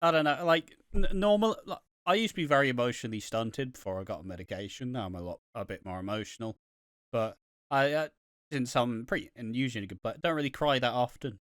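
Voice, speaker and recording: Give me a man chatting casually on a podcast, swearing and rambling, with a smooth, resonant voice. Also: mid-range voice, quick pace, a bit bright, no room sound, clean studio sound. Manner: rambling, swears freely, gets worked up retelling scenes. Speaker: podcast co-host.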